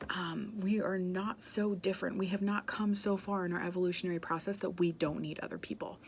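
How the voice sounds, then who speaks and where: A woman speaks earnestly and passionately, in a conversational way full of "um" and "like". Her voice sits a little low and has a gravelly, fry-edged texture. A faint hiss of noise runs underneath. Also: darkish tone. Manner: passionate, conversational, many "um" and "like" fillers. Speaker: speaker on emotional wellbeing. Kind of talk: earnest spoken talk.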